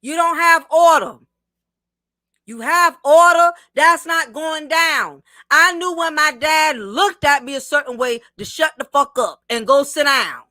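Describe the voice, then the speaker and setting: A woman's voice: sits high, unhurried, bright, forceful tone, dry recording, clean studio sound. A married woman hosting a livestream, reading viewer comments and giving blunt, preachy commentary straight to the camera. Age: adult, married. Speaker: livestream host.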